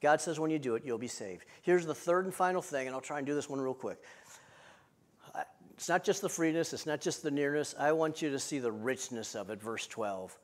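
A male pastor delivering a sermon in a rhythmic, repetitive cadence, moving between loud emphatic lines and hushed, intimate ones. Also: fairly high pitch, fairly quick.

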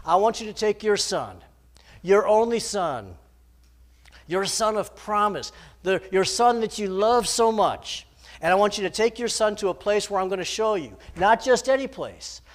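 A man's voice: high voice, lively intonation, normal speed, voice pushed up. A man voicing God, solemn and commanding. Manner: commanding, emphatic.

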